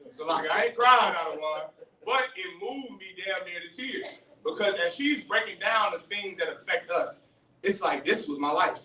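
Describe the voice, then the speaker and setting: A man giving a fiery street-style religious lecture, animated, questioning the audience and acting out voices. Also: high voice, normal speed. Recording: roomy, distant mic, faint hiss.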